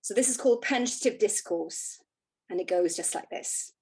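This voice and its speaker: A woman's voice: medium pitch, darkish tone, slightly rough. Woman poet reading her verse. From Wales. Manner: hesitant intros with many fillers, measured recitation. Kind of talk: poetry reading. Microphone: video call.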